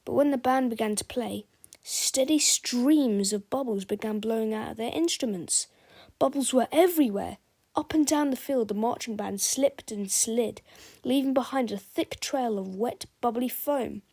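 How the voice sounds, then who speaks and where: A woman's voice: a little high, normal speed, warm tone, slightly rough. A woman reading a children's book aloud, telling the story expressively and speaking to the listener directly. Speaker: storybook reader.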